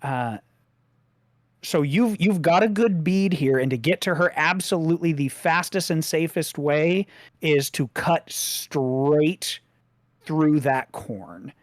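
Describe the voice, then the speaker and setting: A game master running a tabletop role-playing game, describing scenes in a slow, meandering way. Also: mid-range voice, animated, no room sound, studio quality.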